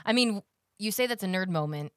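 A woman's voice: medium pitch, animated, fairly quick, smooth, no room sound, studio quality. A woman co-hosting a casual Bible study chat. She asks curious questions and hedges her points. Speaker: podcast co-host.

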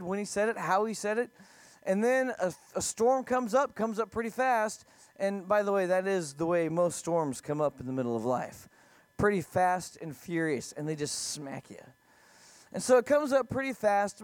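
A man with a fairly high voice delivers a sermon in a relaxed, conversational manner. He keeps turning to his listeners with direct questions. The recording is dry and close, with no room sound. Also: dry recording. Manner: conversational preaching with rhetorical questions. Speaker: pastor.

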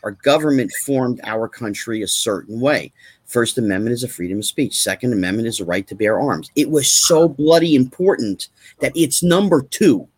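A man's voice: medium pitch, normal speed, slightly rough. A man talking as a guest in a casual chat, emphatic and repetitive, firing off rhetorical questions.

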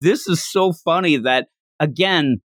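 A man's voice: on the high side, a little slow, fairly bright tone, dry recording, clean studio sound. A man co-hosting a casual chat, animatedly retelling scenes and acting out the lines. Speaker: podcast co-host. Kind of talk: casual chat about a manga chapter.

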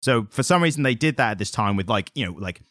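A man's voice: medium pitch, lively intonation, quick pace, fairly bright tone, no echo, studio quality. A man co-hosting a podcast, chatting casually about comics, rambling with lots of "like" and frequent laughs. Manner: rambling, laughs often, hedges with "like". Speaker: podcast co-host. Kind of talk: casual comic-book chat.

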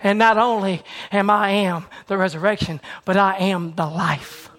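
A man preaching a sermon with a repetitive, building cadence that swings between shouted peaks and hushed, near-whispered lines. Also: high-pitched, steady tone, normal speed.

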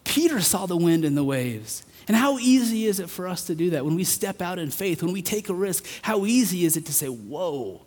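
A man preaching a sermon, earnest, rising to emphatic peaks and then dropping soft. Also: high voice, animated, a little fast, few pauses. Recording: long hall reverb.

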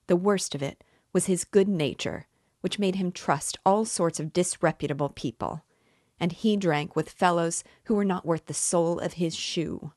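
Brief: a haughty, bitter widow hostess, low-voiced and indignant, with a dry, close sound, read by a woman narrating a novel aloud. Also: moderate pace, a little mellow, no room sound. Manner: haughty and indignant, raising her voice.

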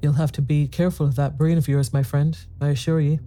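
A man putting on a brash young Irish country doctor, hearty and scoffing, dark deep tone, storybook reading. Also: flat delivery, fast, a little hiss or hum, natural voice, rough recording. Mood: blunt. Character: brash raw-boned young Irish doctor, blunt and mocking.

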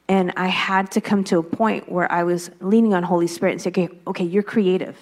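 A woman with a somewhat low voice gives a candid, reflective personal testimony. She tells her story plainly and openly, as a guest in a faith-based conversation. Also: fairly even intonation, fairly quick. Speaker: guest, wife.

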